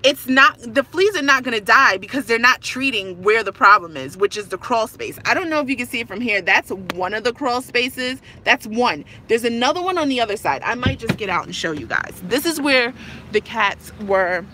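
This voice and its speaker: Frustrated tenant woman, thirties, emphatic phone rant, bright voice. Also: on the high side, lively intonation, moderate pace, slight background noise. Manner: frustrated, emphatic, repeats herself. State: stressed. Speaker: tenant filming a complaint. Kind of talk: ranting to camera.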